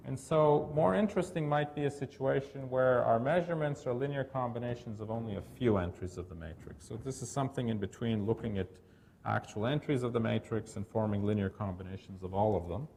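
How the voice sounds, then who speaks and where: A middle-aged man giving a technical lecture at an academic workshop, talking thoughtfully and pausing often with fillers and restarts. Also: medium pitch, vocal fry, darkish tone, a little hiss or hum. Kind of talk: academic conference talk.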